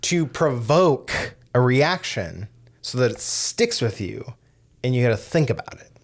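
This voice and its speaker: A man's voice: medium pitch, sing-song, unhurried. A man co-hosting a podcast, chatting casually about films, hesitant and full of fillers. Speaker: podcast co-host. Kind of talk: casual film discussion.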